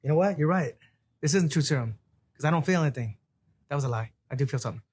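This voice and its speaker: An actor playing a good-natured former convict with a Mexican-American accent, who tells long, tangent-filled stories and acts out every voice; heard as a film clip with music behind. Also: male voice, fairly high pitch, animated, a little mellow, breathy edge. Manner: fast, tangent-prone storytelling, acting out every voice. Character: rambling, good-natured ex-con male sidekick.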